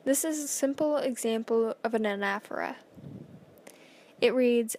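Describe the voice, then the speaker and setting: A woman with a slightly high voice reads a school presentation aloud. She goes carefully, stumbling now and then and filling gaps with small fillers. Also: measured pace, pauses often, darkish tone.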